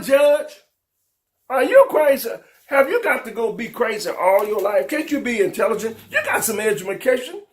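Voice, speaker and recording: A man hosting a local talk show, scolding his audience with fervent rhetorical questions in a preacher-like style. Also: high voice. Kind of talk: preacher-like call-and-response commentary.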